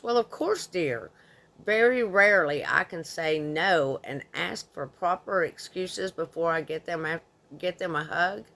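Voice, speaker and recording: A woman's voice: fairly low pitch, fairly bright tone. A woman in her thirties reading a forum story aloud in an indignant, conversational way. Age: 30s. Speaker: narrator.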